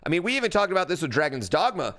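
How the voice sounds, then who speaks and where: A man's voice: on the high side, very animated, rapid-fire, pushed and bright. A man streaming live, reacting in a blunt, rambling way, with lots of fillers and swearing. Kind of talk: casual livestream reaction chat.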